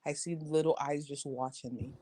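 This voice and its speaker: A young woman and teacher chatting casually as a podcast co-host, telling animated stories and acting out other people's voices. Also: deep voice, moderate pace, noisy background. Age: young adult. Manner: animated storyteller, acts out voices. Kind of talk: casual chat.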